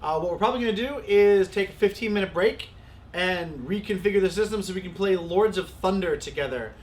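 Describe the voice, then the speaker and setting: A man hosting a livestream, reading out viewer comments in relaxed, casual chat. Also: sits high, brisk. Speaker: host.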